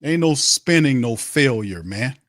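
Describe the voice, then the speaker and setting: A man hosts a sports podcast in a heated rant. He is blunt and profane and hammers his points home again and again. His middle-pitched voice sits in a dry, close recording. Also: expressive, measured pace, a bit bright, no echo.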